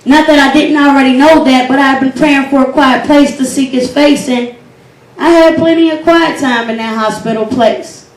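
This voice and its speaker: A woman's voice: sits high, recorded from a distance. A young woman hosting a poetry slam and performing her own spoken word poem with a rhythmic, earnest and devotional delivery. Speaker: poetry slam host and poet. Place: event hall. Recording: echoey hall recorded from afar.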